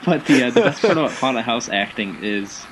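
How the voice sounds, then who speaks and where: A man of ordinary mid pitch tells animated anecdotes in a relaxed chat, sprinkling in fillers and quick laughs. Faint background noise sits under his voice. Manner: animated anecdotes with acted quotes, frequent fillers. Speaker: guest, haunted house actor. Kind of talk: casual chat, storytelling.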